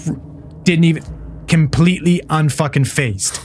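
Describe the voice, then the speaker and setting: Swearing paramedic telling a story. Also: male voice, fairly high pitch, moderate pace, a little hiss or hum. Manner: profane, animated storyteller who acts out what people said. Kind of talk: casual storytelling chat.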